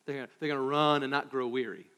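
A pastor preaches a sermon, swinging from loud emphasis to hushed asides and firing rhetorical questions at the congregation. His mid-range voice holds a steady tone at a quick pace, trailed by long reverb.

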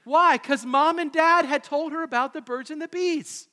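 A male pastor giving an animated, conversational sermon in a church, asking his congregation questions as he goes. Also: very high-pitched, normal speed. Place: church sanctuary. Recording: echoey hall.

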